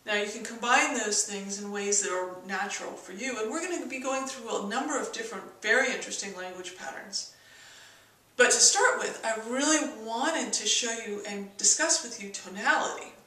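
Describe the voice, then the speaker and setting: A woman's voice: a little high, normal speed, sharp tone, echoey room, recorded from a distance, poor audio. A woman teaching persuasion in an instructional video, stopping often to act out the tone of example sentences. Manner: demonstrates tone shifts in example sentences.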